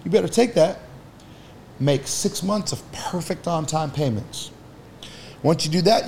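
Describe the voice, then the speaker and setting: Speaking unhurriedly in a fairly high, somewhat mellow voice, a man guests on a podcast as an entrepreneur. He gives blunt, profane advice casually, and there's slight background noise.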